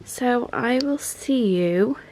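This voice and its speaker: Slow-talking, chatty young woman vlogger. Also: fairly high pitch. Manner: chatty, excitable, gushing. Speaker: lifestyle vlogger. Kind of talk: casual vlog narration. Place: cosy home living room.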